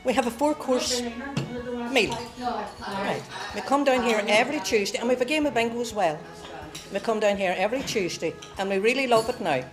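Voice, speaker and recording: A woman chats and jokes in a lively, friendly way. Her voice is fairly high, and music plays clearly behind her. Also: moderate pace. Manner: chatty and jokey.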